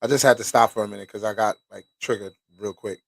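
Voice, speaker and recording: A man's voice: on the low side, steady tone, fast, gravelly, a bit bright, no echo. A man hosting a show, reading documents aloud and stopping to react with casual, profane commentary. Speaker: host.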